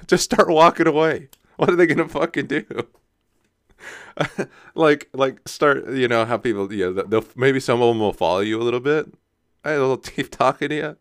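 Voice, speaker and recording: A man's voice: mid-range voice, moderate pace, clear, resonant tone, no echo, studio quality. A young man hosting a solo podcast, rambling casually, often laughing at himself and checking in with "right?". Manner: casual, self-mocking, laughs often, says "right?" a lot. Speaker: podcast host.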